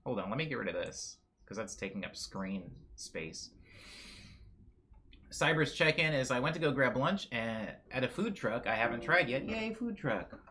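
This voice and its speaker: Animated, chatty male streamer. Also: medium pitch, moderate pace. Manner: chatty and animated, with frequent self-corrections. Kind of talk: casual chat reading viewer messages.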